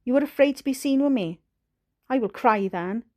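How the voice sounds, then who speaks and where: A woman's voice: a little high, expressive, normal speed, dark tone, voice pushed up, lightly acted. A woman with a Welsh accent voicing a wheedling, fake-tearful young girl in an audiobook reading. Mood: tearful pouting.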